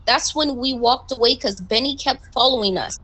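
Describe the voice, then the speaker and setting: A woman's voice: on the high side, normal speed, sharp tone, rough recording. A woman in a roleplay game voice chat, heatedly complaining and confronting a superior. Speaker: roleplay police recruit. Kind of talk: in-character voice chat, arguing.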